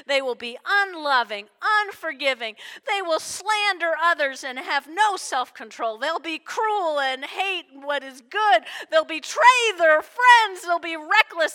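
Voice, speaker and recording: A woman pastor preaching a lively sermon to her congregation, playfully acting out the people she quotes. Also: sits high. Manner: animated, playful, acts out quotes with big shifts. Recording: long hall reverb.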